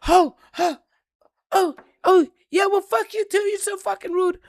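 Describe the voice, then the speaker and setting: A woman imitating an angry woman passenger who yells and curses from a car window. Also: fairly even intonation, a little slow, vocal fry, no room sound, clean studio sound, exaggerated voice. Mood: indignant. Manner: shrill, cursing, indignant.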